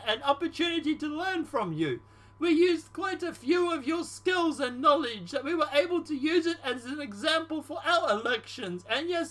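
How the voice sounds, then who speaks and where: Man doing a flattering foreign president, put-on Russian-style accent, pitched up, bright tone. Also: heavily acted.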